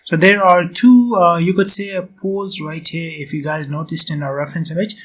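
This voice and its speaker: Male tutorial instructor, slightly high voice, loose and chatty with many fillers, faint noise and mouse clicks behind. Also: fairly even intonation, a little fast. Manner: chatty, filler-heavy, addresses viewers as guys. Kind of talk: casual screen-recorded tutorial.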